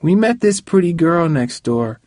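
A man's voice: fairly high pitch, big pitch swings, unhurried, darkish tone, no room sound, studio quality, pitched above the performer's own voice. A man doing a giggly little girl. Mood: teasing. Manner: giggly, teasing.

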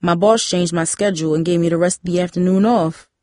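An easygoing teenage boy, casual and persuasive, as a woman narrator voices him without much change. The voice is lowish for a woman and sits in a close, dry recording. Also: steady tone, quick pace, a little mellow, dry recording, natural voice.

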